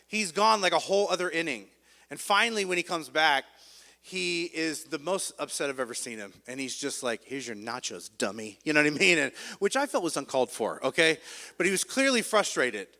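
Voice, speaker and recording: Animated man preaching in a big hall. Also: fairly high pitch, creaky. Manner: storytelling, self-mocking, animated. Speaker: pastor. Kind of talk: sermon with a told story. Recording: long hall reverb.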